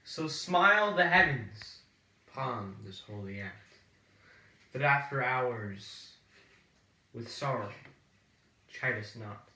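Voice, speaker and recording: A man's voice: medium pitch, animated, slow, pauses often, sharp tone, heavily acted. A young man, a student actor, giving earnest Shakespearean verse that swings between pleading and exclaiming. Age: young adult. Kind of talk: amateur Shakespeare scene acting. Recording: roomy echo, voice far from the mic.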